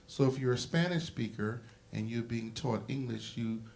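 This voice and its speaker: Gravelly-voiced man lecturing on a panel. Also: medium pitch, normal speed, darkish tone. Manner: emphatic, explanatory lecturing. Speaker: panel moderator and history teacher. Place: symposium panel.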